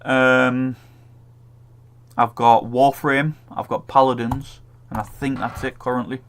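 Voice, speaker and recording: A man's voice: mid-range voice, little pitch movement, takes it slowly. A man co-hosting a casual gaming chat, swearing freely and laughing often. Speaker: podcast co-host.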